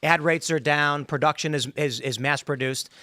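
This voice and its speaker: A man hosting a podcast in casual panel chat who tells animated stories and acts out other people's lines in a higher voice. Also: moderate pace, no room sound. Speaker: podcast host.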